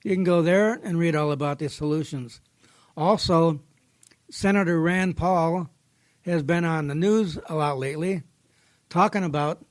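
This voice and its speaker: A man's voice: a little high, darkish tone. A man hosting a podcast from a studio, talking in a plainspoken, folksy way and telling a fable in casual storytelling form. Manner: folksy, plainspoken, tells a fable with small quoted voices. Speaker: podcast host.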